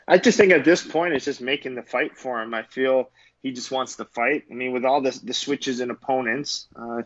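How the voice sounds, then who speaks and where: A man co-hosting a casual mixed martial arts chat, speaking in a relaxed, loose way with some hesitation. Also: mid-range voice, moderate pace, no echo, dull audio. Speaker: co-host and commentator.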